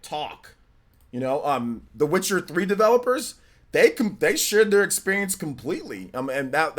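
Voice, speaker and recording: A man hosting a livestream, chatting casually and rambling through viewer comments with lots of filler words. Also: on the high side. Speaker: livestream host.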